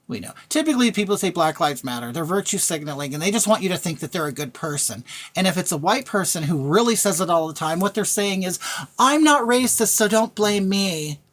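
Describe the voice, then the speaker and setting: A woman's voice: lowish voice, expressive, fast talker. A woman talking bluntly to her live-stream chat, thanking viewers by name and repeating her points in a ranting way. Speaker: livestreamer reading chat. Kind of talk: casual live-stream rant.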